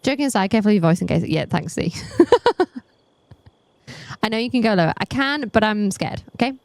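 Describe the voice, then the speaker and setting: A woman's voice: medium pitch, expressive, a little fast, dry recording. A woman playing a murder mystery game as a streamer, chatting casually with a self-deprecating humor. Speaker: let's play streamer.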